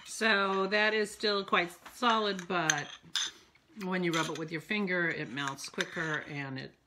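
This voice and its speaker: A woman's voice: fairly low pitch, fairly even intonation, measured pace, noisy background. A woman vlogging casually at home, chatty and self-mocking, thinking aloud as she works. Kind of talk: casual vlog narration. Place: home kitchen.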